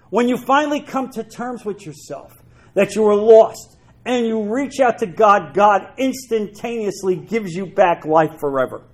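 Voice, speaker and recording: A man preaching a sermon, emphatic, repeating his key phrases for weight. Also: sits high.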